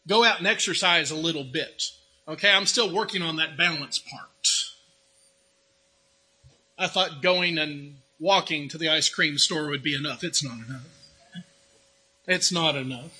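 A man's voice: a little high, measured pace, sharp tone, breathy edge, rough recording. A man preaching a sermon in a conversational way, asking rhetorical questions and adding humorous asides. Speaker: pastor.

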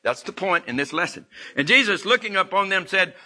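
Folksy animated preacher man. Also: sits high, a little fast. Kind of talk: sermon.

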